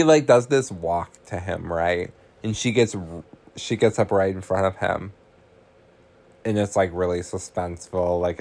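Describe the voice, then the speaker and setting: Slow, low-voiced man recapping a movie. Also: darkish tone. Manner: chatty, laughing, swears, uses filler "like" and "um". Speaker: podcast host.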